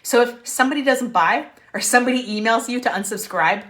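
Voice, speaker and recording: A young adult woman, a business coach on a live stream from a room at home, energetic and often asking "right?". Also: fairly high pitch, fast talker. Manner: energetic, repeats "right?", laughs.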